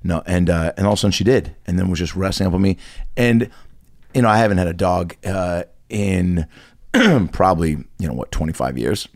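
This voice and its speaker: A man's voice: low-pitched, a little fast, dry recording, studio quality. A man in his thirties, a comedian, telling a rambling, self-mocking story in casual podcast chat. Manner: rambling anecdotes full of fillers and self-mockery. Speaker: touring stand-up comedian, podcast host.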